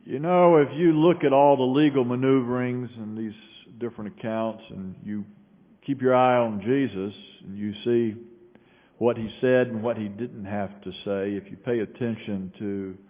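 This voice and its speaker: A male pastor preaching a sermon, telling a story and shifting between raised bursts and quiet low passages. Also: steady tone, normal speed. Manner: storytelling with sudden raised quoted shouts and quiet drops. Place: large church sanctuary. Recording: echoey hall on a tinny phone-like line.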